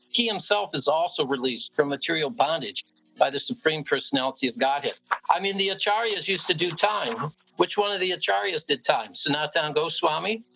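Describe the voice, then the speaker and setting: A man's voice: fairly high pitch, creaky, bright, forceful tone, muffled recording. A man telling stories with enthusiasm on a casual podcast, acting out the quotes of people he met. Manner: enthusiastic storyteller, acts out quotes. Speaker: prison ministry guest. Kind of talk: casual podcast chat and storytelling.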